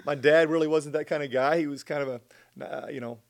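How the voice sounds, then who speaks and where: A middle-aged man telling a personal faith story as a guest in conversation, earnest and animated. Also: a little high, quick pace. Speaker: guest sharing his testimony.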